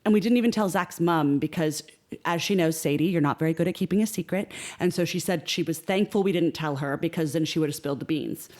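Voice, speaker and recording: A woman in her forties from the United States with an American accent, a podcast guest telling stories in a lively way and acting out her friends' voices. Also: low voice, fast. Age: 40s. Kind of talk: casual storytelling.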